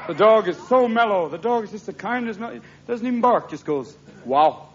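A man doing a stand-up comedy routine on a live stage, talking fast and animated and jumping into character voices. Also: high-pitched. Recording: muffled live recording, crowd laughter and noise.

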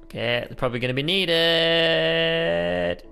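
A man's voice: on the high side, slow pace, pushed and bright, clean tone, faint music behind. A young man chatting playfully while co-hosting a Minecraft let's play, often calling his partner mate. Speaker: gaming co-host.

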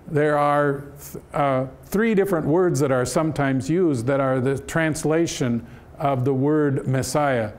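A man giving a Bible-study lecture in a church, explaining the text in a measured way with frequent "uh" fillers. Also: on the high side, darkish tone. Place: church hall.

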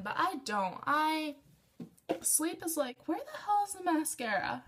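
Young female vlogger, high voice, chatty and self-mocking, talking casually at home. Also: very animated, a little slow, fairly bright tone. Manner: rambling, self-deprecating chatter. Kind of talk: casual makeup vlog.

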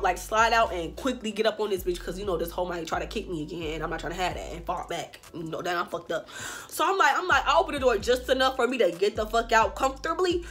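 Animated, foul-mouthed young woman storyteller. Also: fairly high pitch. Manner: animated, profane, talks straight to viewers. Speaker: vlogger. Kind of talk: storytime vlog.

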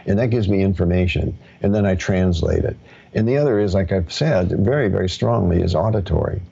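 A man teaching in a live question-and-answer session, relaxed and reassuring, with many fillers. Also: low-pitched, fairly quick, gravelly, breathy edge. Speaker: teacher of ancestral practice. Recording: dull lo-fi audio.

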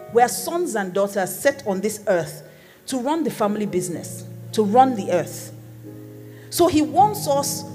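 A woman's voice: mid-range voice, dark tone. A woman pastor preaching a sermon in a conversational, playful teaching manner. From Nigeria. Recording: long hall reverb with faint music.

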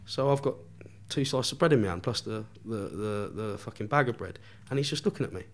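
A man's voice: fairly low pitch, animated, a little fast. A man, a podcast guest telling a story in casual chat, swearing constantly and laughing as he goes.

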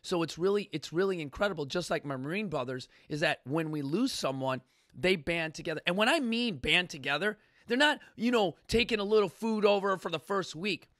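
A man hosting a talk show, worked up and ranting, with a high, bright, forceful voice. He trips over his words and restarts often. The sound is dry and close. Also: lively intonation, brisk, dry recording. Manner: fired-up, ranting, profane, many restarts. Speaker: podcast host. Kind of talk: impassioned casual talk.

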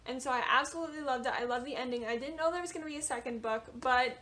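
A young woman in a casual book vlog, chatty and animated, with lots of filler words as she runs through her reading list. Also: high voice, racing. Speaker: book vlogger. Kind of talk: casual book talk to camera.

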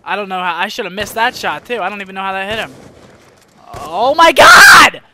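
A young man giving live gameplay commentary, excitable, swinging from mumbled asides to frustrated yelling. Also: high voice, racing, heavy background noise. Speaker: gaming commentator. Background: gunfire from the game.

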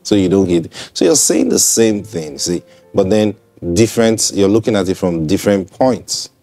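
A man giving a broadcast sermon in a low, warm voice. He talks in a loose, conversational way, repeats points and keeps asking listeners whether they follow. Soft music plays faintly behind him. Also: lively intonation, normal speed. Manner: conversational, repetitive, checks in with listeners. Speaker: preacher.

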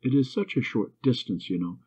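A man with a husky voice voicing a proud, willful young schoolgirl in a storybook reading, his pitch raised, on a tinny phone-like recording. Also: expressive, moderate pace, dark tone. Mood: lonely, pleading.

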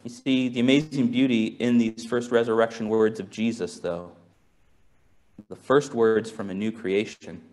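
A man preaching a sermon as pastor, musing aloud with restarts and rhetorical questions, moving from quiet and low to raised and fervent. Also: fairly even intonation, moderate pace. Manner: swings from soft and low to raised and intense.

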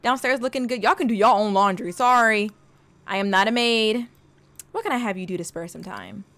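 A young woman giving casual, slangy gameplay commentary, talking straight to her game character and breaking into excited exclamations. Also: mid-range voice, brisk. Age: young adult. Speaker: gaming video host.

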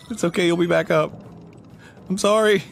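A man's voice: high-pitched, steady tone, moderate pace, creaky, soft background music. A man co-hosting a gaming show, giving casual gameplay commentary, playful and teasing, laughing and swearing.

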